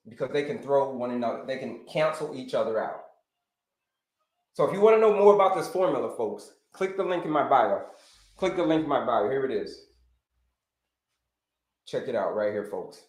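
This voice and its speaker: A man hosting a live stream as a health coach, talking in an animated way, repeating his phrases and calling his viewers folks. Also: medium pitch, normal speed, pauses often, reverberant.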